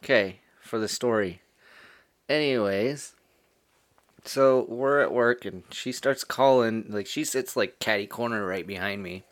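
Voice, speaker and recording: A man's voice: lowish voice, unhurried. A man in casual chat as a podcast co-host, telling anecdotes and laughing along.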